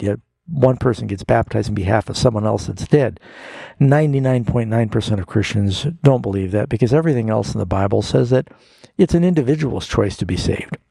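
A male radio pastor answers callers' Bible questions in a folksy, patient teaching manner. His voice is gravelly and mellow with a slightly husky edge. The studio sound is dry and close. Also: medium pitch, no room sound. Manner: explanatory, folksy, with homespun illustrations.

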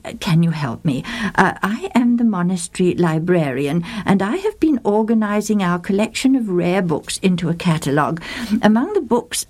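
A woman's voice: medium pitch, darkish tone. A woman reading aloud, voicing a flustered, polite male monastery librarian who hesitates and stammers on the phone. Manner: hesitant, many uh fillers, polite.

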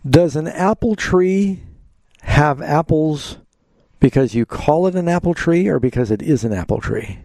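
A man's voice: a little high, animated, measured pace, darkish tone, no room sound. A man hosting a live call-in radio show, answering Bible questions and leading callers with simple questions. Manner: pastoral, asks leading questions.

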